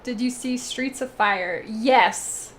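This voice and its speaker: A young woman hosting a casual live stream, chatting with viewers while she paints, laughing often and breaking into animated asides. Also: a little high, slow pace, slight background noise. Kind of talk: casual chat while reading viewer comments.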